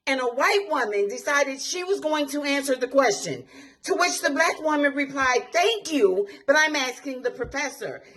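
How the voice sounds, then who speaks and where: A woman ranting angrily to camera, emotional and swearing hard. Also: a little high. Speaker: commentator. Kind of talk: angry vlog rant.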